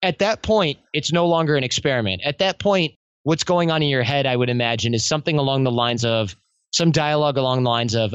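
Man, podcast guest, animated storyteller, acts out quotes, dry and slightly dull sound. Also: mid-range voice, fast, smooth, dry recording. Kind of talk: conversational interview.

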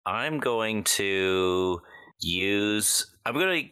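Low-voiced bright male player. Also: animated, drawn-out words, clear, resonant tone. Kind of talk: casual tabletop play.

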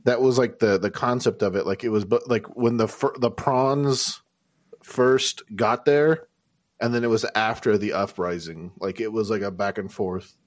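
A man's voice: fairly low pitch, fairly even intonation, normal speed. A man chatting casually on a podcast, often restarting his sentences. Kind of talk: casual chat.

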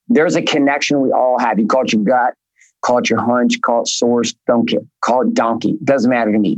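A man's voice: mid-range voice, dry recording, highs cut off. A man guesting in an interview, telling stories bluntly with casual profanity and a rambling, repeating flow. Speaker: guest, business coach. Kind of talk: candid interview talk.

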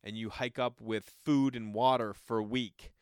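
A man's voice: mid-range voice, steady tone, measured pace, smooth, no echo, clean studio sound. A man telling a rambling story in a casual way, with lots of fillers and some swearing.

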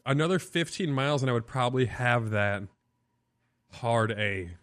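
A man who grew up on the Illinois-Wisconsin border chats casually as a podcast guest, rambling and saying "like" a lot. His medium-pitched voice is animated and a bit bright, at a moderate pace, recorded at studio quality with no room sound.

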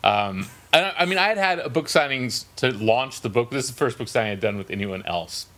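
A man's voice: medium pitch, animated, fairly quick, a bit bright. A middle-aged man, a novelist and podcast host, telling a self-deprecating anecdote in casual chat over a video call.

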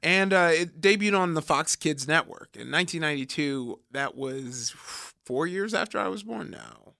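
A man's voice: a little high, animated, moderate pace, creaky, pushed and bright, dry recording, studio quality. A man in his thirties co-hosting a podcast, retelling facts in casual chat and laughing often. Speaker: podcast co-host.

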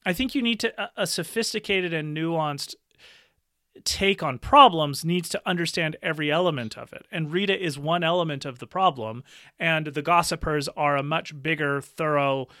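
Bright-voiced man talking earnestly. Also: fairly high pitch, no echo, clean studio sound. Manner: earnest, thoughtful, quick to laugh. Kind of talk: casual podcast conversation.

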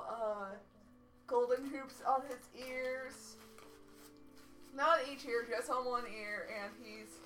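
A woman's voice: sits high, a bit bright. A woman playing a tabletop role-playing game who talks in a casual, self-deprecating and apologetic way. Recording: echoey room, far from a single mic, faint music.

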